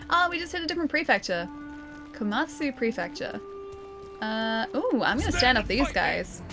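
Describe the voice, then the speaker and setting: This woman's medium-pitched voice has vocal fry. Speaking in a Melbourne Australian accent, she streams a game and chats casually and gigglingly with her viewers, talking to chat and laughing often.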